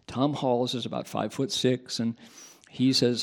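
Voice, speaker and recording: A male Buddhist monk telling a story during a dharma talk, with lively sound effects and acted-out voices. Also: mid-range voice, moderate pace. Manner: animated storyteller who adds sound effects and acts out voices. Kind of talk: storytelling sermon.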